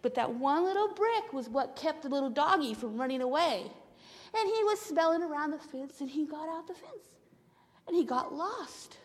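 A woman telling a Bible story to children in church, animated, with hushed whispers. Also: high voice, moderate pace. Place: church sanctuary. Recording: long hall reverb of a church.

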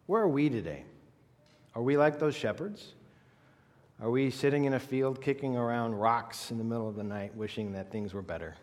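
A man's voice: mid-range voice, moderate pace, a little mellow. A man preaching a sermon, emphatic and full of rhetorical questions aimed at the congregation. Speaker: pastor. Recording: long reverb of a large hall.

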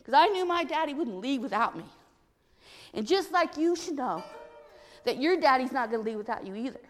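A woman telling an expressive story to children during a church service. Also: sits high, fairly quick, big-room sound.

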